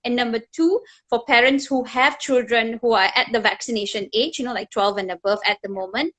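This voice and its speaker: A middle-aged woman hosting a conversational interview over a video call, telling stories in an animated way and laughing often. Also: fairly high pitch, fairly quick. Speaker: talk show host.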